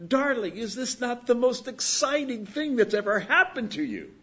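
A man voicing a glamorous, pampered older woman who talks in a breathy, affected, haughty way. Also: very high voice, big pitch swings, moderate pace, sharp tone, dull audio, voice pushed up, full character voice. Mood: gushing.

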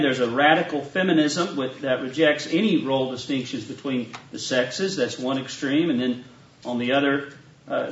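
A man with a Southern US accent, a pastor reading scripture and preaching a sermon in a measured way. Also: a little high. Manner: measured, reads scripture aloud then preaches. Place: church retreat meeting room. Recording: echoey, distant, dull live church recording.

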